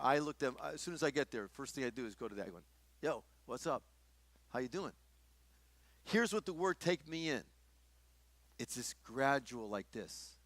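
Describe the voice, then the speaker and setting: A man's voice: mid-range voice, a bit bright, no room sound. A middle-aged man teaching a workshop in a conversational sermon style, often restarting his sentences. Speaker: workshop speaker.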